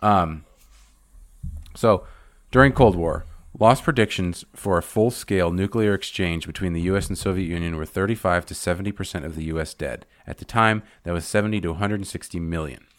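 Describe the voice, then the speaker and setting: Very deep-voiced American man hosting. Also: fairly quick, dry recording. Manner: rambling, reads facts with fillers. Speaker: podcast host. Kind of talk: casual podcast chat.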